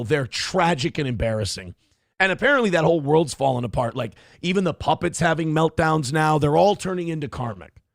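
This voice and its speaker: A man's voice: a little high, gravelly, no room sound, clean studio sound. A man hosting a livestream show, reading chat messages aloud and ranting bluntly with lots of profanity. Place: home studio.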